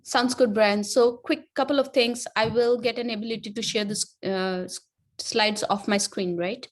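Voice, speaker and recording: A woman's voice: a little high, steady tone, normal speed. A woman presenter in a groggy early-morning voice, chatting easily over a video call. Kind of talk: casual video-call chat.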